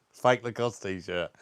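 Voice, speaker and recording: Clean studio sound with no echo captures this British man's mid-range voice, bright and forceful, with vocal fry and a breathy edge. He hosts a casual live beer review, chatting, greeting viewers by name, swearing casually, and coughing lingeringly.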